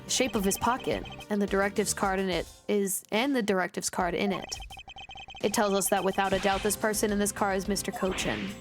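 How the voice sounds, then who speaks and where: Woman reading a cool-headed prosecutor guy, formal, measured, game music behind. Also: medium pitch, steady tone, natural voice. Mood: confident. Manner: measured, formal courtroom delivery. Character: composed confident male prosecutor.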